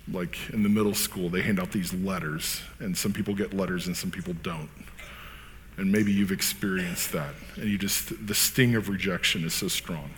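A man's voice: low-pitched, in a large hall, slight background noise. A man reading scripture aloud, then preaching in an earnest, conversational way with casual fillers. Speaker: pastor.

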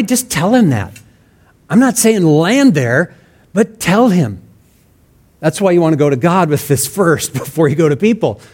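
Delivering a sermon earnestly and conversationally, a male pastor acts out example prayers in his own words. His voice is a little high, with a darkish tone.

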